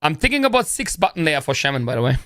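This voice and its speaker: A young man, talking in a loose, rambling, slangy way with plenty of "bro", pitched somewhat high for a man. His voice is close to the mic and dry, with no room sound. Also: big pitch swings, very fast, bright, forceful tone, no room sound. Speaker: streamer. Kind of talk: casual live-stream chat.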